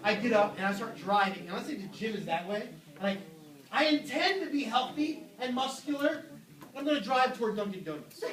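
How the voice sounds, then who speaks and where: Young male youth pastor, animated and joking, high voice, heard from afar. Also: fairly quick, far from the mic, a crowd in the background. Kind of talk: youth sermon. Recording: echoey room, voice from afar.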